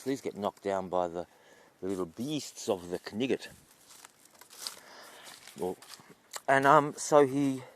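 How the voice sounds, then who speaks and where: A man tells a folk tale in a relaxed, chatty manner, his voice moving up and down with animation. He sounds mid-pitched for a man. The recording is close and dry. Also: no room sound. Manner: relaxed, chatty, with fillers and restarts. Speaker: storyteller. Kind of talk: casual folk tale telling.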